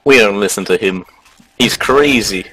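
A man's voice: lowish voice, normal speed, pushed and bright. A man joking with friends over voice chat during a game, teasing them with crude jokes. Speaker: gamer in group voice chat. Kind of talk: casual gaming banter.

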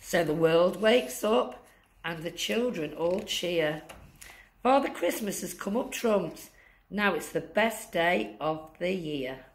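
A woman reading a rhyming picture book aloud to children, rhythmic and deliberate, dropping low on the sound-effect words. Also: expressive, very noisy. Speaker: masked guest reader.

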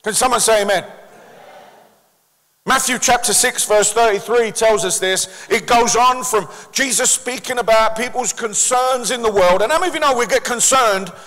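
Cockney male pastor, high bright voice, lively call-and-response sermon, echoey church. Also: normal speed. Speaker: senior pastor. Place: church hall with a congregation.

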